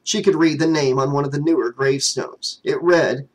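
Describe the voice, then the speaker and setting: A man with a fairly high voice reading a horror fan novel aloud as audiobook narration. He tells the story at a steady pace and keeps an even storytelling tone throughout. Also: normal speed, poor audio.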